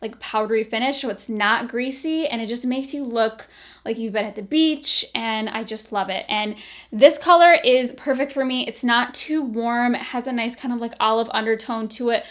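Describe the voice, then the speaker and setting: A woman's voice: on the high side, moderate pace. A woman vlogging casually about beauty products, chatty and full of fillers, a little out of breath. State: a bit out of breath.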